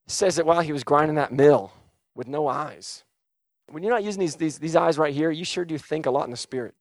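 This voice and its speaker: A man preaching a sermon with passion, swinging from loud urgent calls to hushed, quiet retelling. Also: a little high, fairly quick, no echo, clean studio sound. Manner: impassioned, swings from shouting to hushed.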